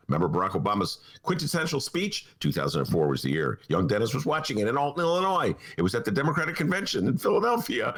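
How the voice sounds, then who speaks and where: A male podcast host in a studio, talking politics casually in a wry, animated way full of asides. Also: on the low side, breathy edge. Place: radio studio.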